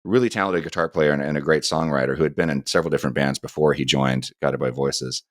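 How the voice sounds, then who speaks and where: A man's voice: a bass voice, quick pace, a bit bright, dry recording, clean studio sound. A middle-aged man co-hosting a podcast, meandering through an anecdotal story in casual chat. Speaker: podcast co-host.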